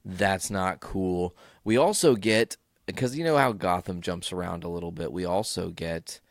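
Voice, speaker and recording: A man's voice: low voice, unhurried, no room sound, clean studio sound. A man hosting a solo podcast recap in a casual, rambling way, tired and yawning, swearing freely. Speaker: podcast host.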